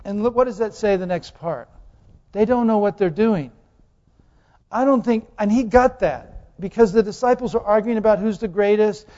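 High-voiced preacher in a reverberant hall. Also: male voice, brisk, hardly any pauses, dark tone. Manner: asks the congregation questions, repeats phrases for emphasis. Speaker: pastor. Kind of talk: sermon. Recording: dull lo-fi sound with long hall reverb.

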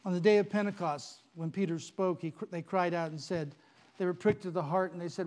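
High-voiced preacher telling a story. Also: male voice, brisk. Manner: animated storytelling, playful. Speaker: pastor. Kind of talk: sermon.

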